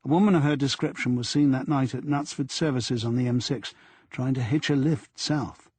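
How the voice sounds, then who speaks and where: A man's voice: medium pitch, normal speed, a little mellow, slightly rough, no room sound, lightly acted. A man voicing an earnest, deferential young male detective sergeant in an audiobook. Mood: reporting.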